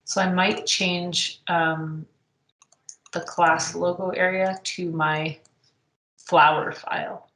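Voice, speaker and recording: A woman teaching a software tutorial, thinking aloud as she clicks through the steps, with frequent ums. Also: on the low side, level tone, takes it slowly. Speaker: instructor. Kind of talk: screen-recorded software tutorial. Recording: echoey room.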